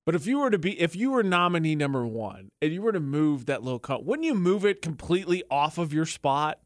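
Man, high voice, sarcastic radio co-host, mock outrage, dry close sound. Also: very animated, brisk, no echo. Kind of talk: casual radio banter.

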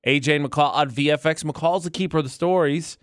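A man co-hosting a casual radio show from a studio mic, playful and quick to laugh. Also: a little high, no room sound. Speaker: radio co-host. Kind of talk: casual morning radio banter. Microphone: studio microphone.

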